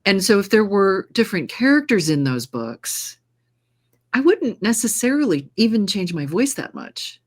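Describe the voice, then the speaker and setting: An American woman who narrates audiobooks and trained as a singer, chatting in a casual interview and telling lively stories with frequent laughter. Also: medium pitch, normal speed. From United States. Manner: lively storyteller, laughs often; trained singer with controlled delivery.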